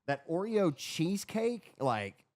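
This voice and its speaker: Podcast co-host, young man, excitable storyteller, dry close sound. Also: high-pitched, slow pace, dry recording. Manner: excitable storyteller, drawls and swears. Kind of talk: casual chat.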